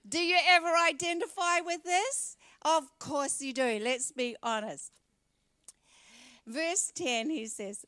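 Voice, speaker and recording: Higher-voiced Australian woman preaching. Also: lively intonation, unhurried, pushed and bright, no echo. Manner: conversational, addresses the congregation directly. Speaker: pastor. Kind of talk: sermon. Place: church.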